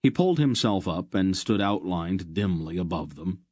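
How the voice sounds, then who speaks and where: A man reading a fantasy audiobook in a measured, steady narration. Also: low-pitched, no room sound, clean studio sound.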